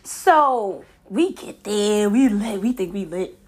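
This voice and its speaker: A woman in her late twenties, a podcast host, telling a story in a casual, profane, animated way and laughing often. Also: medium pitch, slow.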